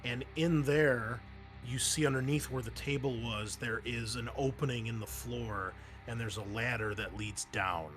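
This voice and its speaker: A man's voice: mid-range voice, unhurried, fairly bright tone, soft background music. A man narrating as game master of a tabletop role-playing game, casual, with many fillers and restarts.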